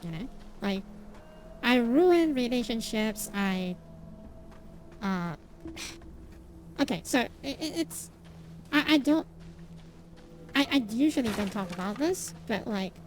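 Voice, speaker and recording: A young woman streams and talks casually, her fairly high voice swinging up and down as she rambles through restart after restart. She runs herself down and laughs a lot, with a faint hum of background noise behind her. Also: takes it slowly, pauses often. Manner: rambling, self-deprecating, many restarts and fillers; animated, laughs often. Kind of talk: casual chat while gaming.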